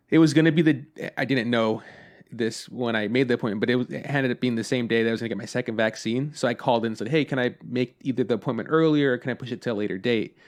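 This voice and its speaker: A young adult man co-hosting a podcast in casual chat, telling stories animatedly, acting out both sides of conversations and swearing casually. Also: medium pitch. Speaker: podcast co-host.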